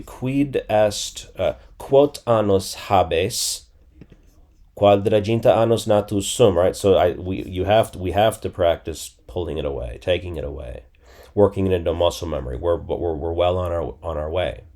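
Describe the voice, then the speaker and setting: A man's voice: deep voice, warm tone. A man in his forties teaching a casual lesson, thinking aloud and repeating phrases as he guesses them. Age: 40s. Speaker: language teacher. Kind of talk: casual screen-recorded lesson.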